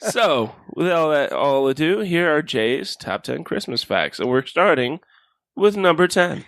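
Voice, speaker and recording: A man's voice: on the high side, measured pace, dry recording. A man from Miami co-hosting a podcast in casual chat, telling stories with playful voices. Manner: animated storytelling with playful character voices. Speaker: podcast co-host presenting a list.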